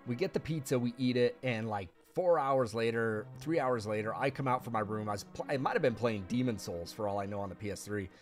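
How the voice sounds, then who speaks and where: A man's voice: medium pitch, a little fast, few pauses. A man streaming a video game, telling a long story in casual chat, rambling and laughing with plenty of fillers. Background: faint video game music.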